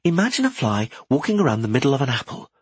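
Male reader plays young female wizard apprentice, playful, husky and lifted, dry booth. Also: rumbling low, sing-song, fast, dry recording, voice pushed up, exaggerated voice. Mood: teasing. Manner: bright, teasing. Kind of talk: audiobook character voice.

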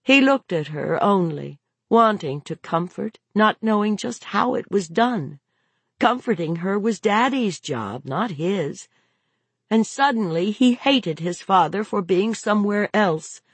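A woman's voice: mid-range voice, lively intonation, measured pace, husky, dry recording. A woman narrating a novel aloud in a dramatic, varied delivery. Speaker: audiobook narrator.

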